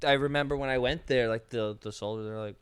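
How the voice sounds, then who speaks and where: A man co-hosting a podcast in casual banter, throwing in quick crude quips. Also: mid-range voice, steady tone, a bit bright, smooth. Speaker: podcast co-host.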